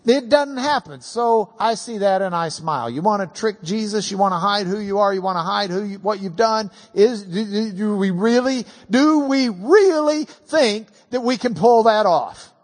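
A man preaching a sermon, animated and stammering as he drives his points home. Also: high-pitched, normal speed, few pauses. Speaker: pastor. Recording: long hall reverb.

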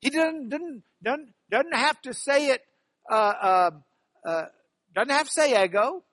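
A man teaching a class on biblical Greek grammar, animated and stressing key words by repeating them. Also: very high voice, unhurried, no room sound. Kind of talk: classroom lecture.

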